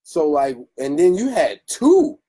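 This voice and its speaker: A man hosting a casual podcast, telling stories with lots of animation and acting out what people said. His pitch swoops around a lot. His voice is dark and husky. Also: slow pace, low-quality recording. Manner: animated storytelling, laughs often, acts out quotes. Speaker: podcast host.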